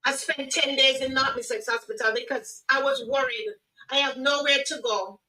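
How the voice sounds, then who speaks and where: A middle-aged woman with a Jamaican accent, earnestly telling her life story as a guest, with halting restarts. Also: high-pitched, expressive, bright, forceful tone, distant mic, slight background noise, poor audio. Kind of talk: personal testimony on a radio livestream.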